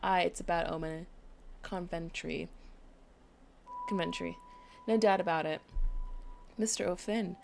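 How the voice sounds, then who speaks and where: Woman with vocal fry reading game dialogue. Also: on the low side, a little hiss or hum. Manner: reads dialogue aloud between quick asides. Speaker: game streamer. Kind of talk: let's play commentary, reading game dialogue aloud.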